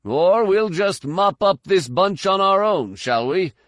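A man voicing a brawny, gleeful male mercenary who taunts loudly and wheezes in an audiobook. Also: on the high side, sing-song, slow, dry recording, studio quality, pitched above the performer's own voice, heavily acted. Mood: taunting.

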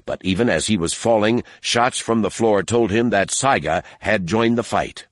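Guy narrating an audiobook, lowish voice, steady and measured, dry close mic. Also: no echo. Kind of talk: scripted narration.

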